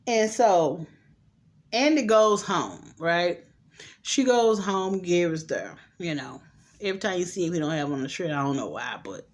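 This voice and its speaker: Recapping a TV episode in a relaxed way, this middle-aged host acts out what the characters say and adds lively, slangy commentary. She speaks in a mid-range voice.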